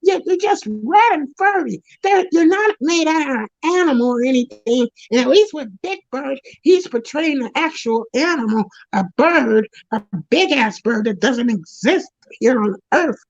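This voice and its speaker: A woman plays a jealous male puppet character, a foul-mouthed loudmouth who rambles in an indignant, high-pitched rant. The voice sits well above the usual range. The recording is dull and dry, with no room sound. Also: expressive, normal speed, few pauses, dry recording. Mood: bitter ranting. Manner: profane, rambling, indignant ranting with frequent restarts. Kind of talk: comedic character monologue.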